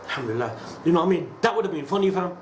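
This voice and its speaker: A young man chatting casually in a vlog, slangy and excitable, sneezing between lines. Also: high-pitched, rapid-fire, echoey room, background noise. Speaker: YouTuber.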